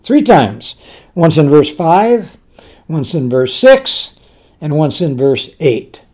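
A man preaching a sermon, slow and emphatic, repeating words for stress. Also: fairly high pitch, sing-song, warm tone.

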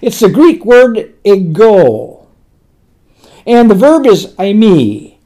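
A man preaching a sermon, slow and emphatic, repeating words for stress. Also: high-pitched, big pitch swings, mellow.

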